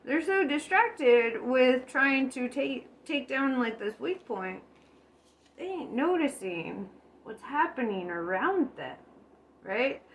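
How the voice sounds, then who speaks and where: A woman's voice: high voice, sing-song, slow pace, slight background noise. A woman vlogging in a rambling, casual monologue, giggling often, swearing and losing her train of thought. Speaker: spiritual vlogger.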